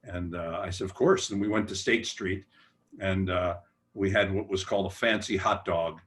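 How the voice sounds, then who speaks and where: Older male humor writer, very low voice, rambling self-deprecating anecdotes on a panel. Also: fairly even intonation, normal speed, fairly bright tone. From United States. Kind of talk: relaxed anecdotal storytelling.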